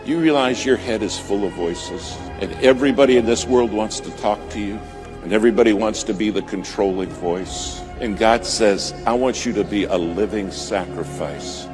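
A man preaching a sermon, telling a story with dramatic swings from loud to hushed. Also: low-pitched. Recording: music bed behind voice.

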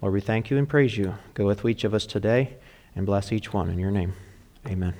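A man's voice: fairly low pitch, fairly quick, mellow. A man preaching as a pastor, with an earnest and encouraging manner. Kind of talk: sermon.

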